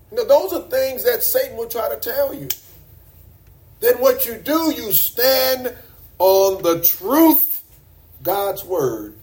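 A man preaching a sermon to a congregation in a church, emphatic and repeating words for stress. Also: sits high.

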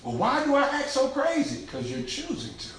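A man preaching a sermon in a church, lively and conversational, acting out quotes and laughing along with the congregation. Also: very high voice, moderate pace, slight background noise. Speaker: pastor. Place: large church sanctuary. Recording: echoey church room.

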